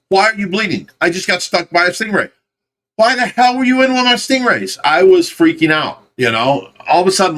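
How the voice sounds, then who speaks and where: A man's voice: high voice, bright, forceful tone. A man hosting a casual livestream about rescued fish, talking emphatically and repeating his points to the chat. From United States. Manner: emphatic, insistent, repeats himself.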